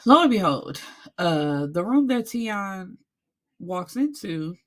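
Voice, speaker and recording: Lively woman recapping a book. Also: mid-range voice, takes it slowly. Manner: animated storytelling, acts out characters, swears freely. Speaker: book reviewer.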